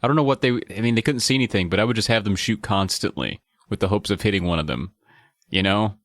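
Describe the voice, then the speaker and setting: A man's voice: fairly low pitch, fast, fairly bright tone, no echo, studio quality. A man hosting a podcast, chatting casually and reading book passages aloud with enthusiastic comments. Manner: enthusiastic, swearing, reads passages.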